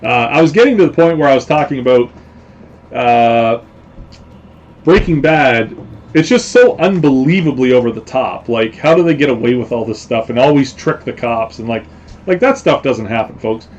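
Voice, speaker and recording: A man of middle pitch hosts a casual live stream, talking in a loose, rambling way. He leans on fillers and keeps repeating the same stock phrases. The audio is a bit muffled and dull. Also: expressive, moderate pace. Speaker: host.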